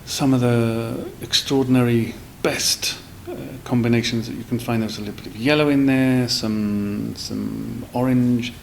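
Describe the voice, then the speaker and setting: Gravelly-voiced man telling stories. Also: medium pitch, steady tone, normal speed, hardly any pauses, a little hiss or hum, poor audio. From South East London. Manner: rambling, with many fillers and restarts. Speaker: guest. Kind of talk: casual storytelling in a podcast interview.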